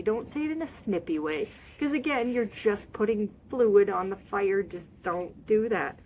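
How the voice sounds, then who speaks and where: A woman coaching on holistic wellness in a casual, expressive way, repeating short phrases and acting out feelings with sighs and little noises. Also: mid-range voice, slight background noise. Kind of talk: casual advice talk.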